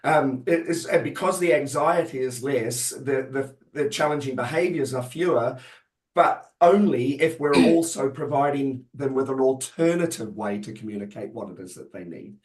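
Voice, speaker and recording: A man with a voice going hoarse, speaking hesitantly and thoughtfully with many restarts on a webinar panel. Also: medium pitch, moderate pace, a little mellow, roomy sound. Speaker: panelist, autism specialist.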